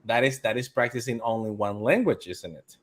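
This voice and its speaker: Host: male, mid-pitched voice, easygoing, puts viewer questions to the guest. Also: a little fast. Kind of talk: casual interview questions.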